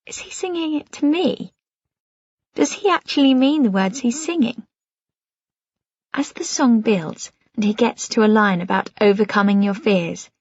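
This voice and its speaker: A woman narrating a novel in the first person with an intimate, soft-spoken delivery. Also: mid-range voice, creaky, no room sound, highs cut off. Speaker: audiobook narrator.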